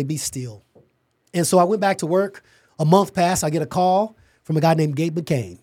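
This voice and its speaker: A middle-aged man, a podcast guest, telling an animated story about starting his company and acting out the dialogue. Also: fairly high pitch, no echo, clean studio sound.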